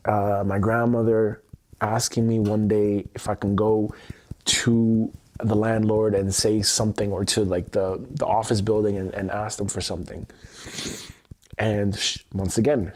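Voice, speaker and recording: A self-help livestreamer with a lowish, darkish voice leads an emotional tapping session. He speaks in intense, repetitive affirmations, with some swearing mixed in.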